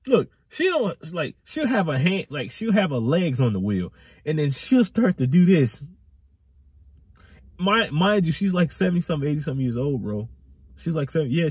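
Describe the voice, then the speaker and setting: A young man recounting a chaotic ride in a rambling storytime vlog. His pitch swoops high and low as he gets worked up, with a husky grain. Close and dry, right on the mic. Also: normal speed, no room sound. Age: young adult. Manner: animated, rambling, repetitive slang. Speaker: vlogger.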